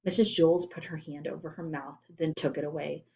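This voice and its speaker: A woman reading a children's story aloud in a calm, even storytelling voice. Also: low-pitched, fairly quick. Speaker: reader.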